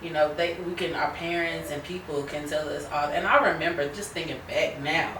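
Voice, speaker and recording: Chatty podcast host lady, bright tone, echoey room and a bit far from the mic. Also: low-pitched, steady tone, brisk, slight background noise. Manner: chatty, laughs often, addresses listeners as y'all. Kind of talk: casual chat.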